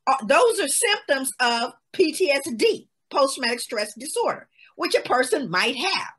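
A woman's voice: high-pitched, sing-song, moderate pace, fairly bright tone. A woman, giving an emphatic, storytelling talk as a guest speaker on a webinar. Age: 60s. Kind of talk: lecture-style webinar talk.

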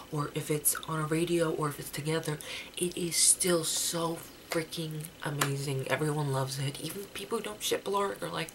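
A young woman with a low voice gushes about a TV episode, rambling and restarting her sentences. Her home recording carries a clear hiss of background noise. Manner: gushing, rambling, many "like"s and restarts. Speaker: TV review vlogger. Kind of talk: casual excited review chat.

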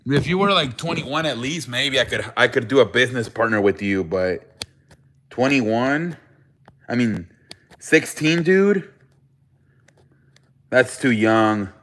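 A man hosts a loose live chat with callers, joking around and acting mock-offended. He talks slowly. His voice is bright, and he drops Spanish words into his English. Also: medium pitch, lively intonation. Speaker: show host.

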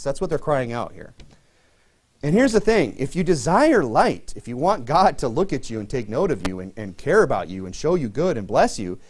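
Male pastor for a church sermon: plain, chatty delivery full of fillers, pushes up in pitch to stress points. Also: a little mellow. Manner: conversational preaching, many fillers, rises in pitch for emphasis.

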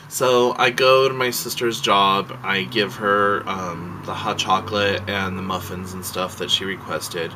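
A man's voice: sits low, steady tone, measured pace, few pauses, noisy background. A man vlogging a casual rant, rambling and heartfelt, swearing freely and emotional as he tells his story.

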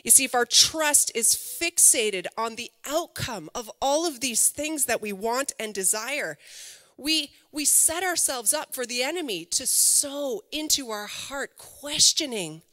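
A middle-aged woman pastor delivers a lively, conversational sermon, tossing rhetorical questions to her listeners. Her voice is bright and slightly high. A long reverb from the church hall trails behind her words. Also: unhurried.

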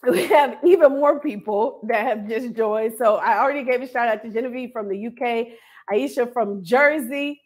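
Lively woman hosting a live stream. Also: fairly high pitch, moderate pace. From North Carolina. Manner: animated, laughs often, reads out viewers' names. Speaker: host of an online hair school livestream. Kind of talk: casual live-stream chat.

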